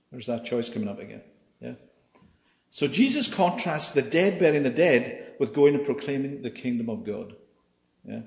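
A man preaching a sermon in an animated way, swinging from loud to hushed, acting out the quoted voices and asking the room "yeah?". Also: mid-range voice. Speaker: pastor. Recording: dull, echoey hall recording.

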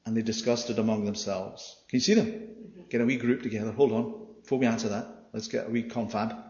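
A man preaching a sermon and reading scripture aloud. He often asks the congregation questions and swings between loud and quiet. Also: on the low side, steady tone, fairly quick. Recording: echoey hall, dull sound.

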